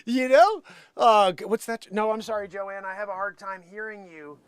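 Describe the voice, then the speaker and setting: A man's voice: high-pitched, moderate pace, smooth, dry recording, studio quality. A man hosting a live comedy stream, reading a news story in a playful mock radio-announcer style and laughing along. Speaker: live music and comedy show host.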